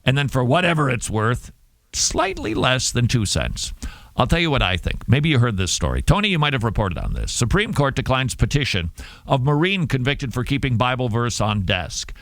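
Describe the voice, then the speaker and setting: A man's voice: mid-range voice, wildly swooping pitch, moderate pace, a bit bright, no room sound. A middle-aged man hosting a talk show, commenting casually with sarcasm and jokey asides.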